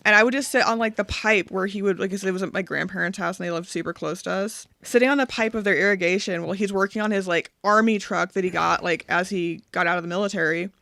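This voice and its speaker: Gravelly woman, candid and profane. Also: mid-range voice, fast, hardly any pauses, no room sound. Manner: candid, profane, dark-humored storytelling. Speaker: podcast guest. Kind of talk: casual chat.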